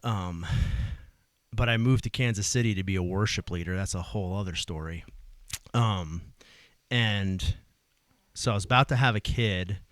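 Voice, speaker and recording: A man in his forties from New Jersey with a Jersey accent, telling his life story in an animated, casual way. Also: low voice, moderate pace, dry recording. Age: 40s. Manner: animated storytelling, acts out voices, swears casually. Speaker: guest, EMS worker. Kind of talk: casual conversation.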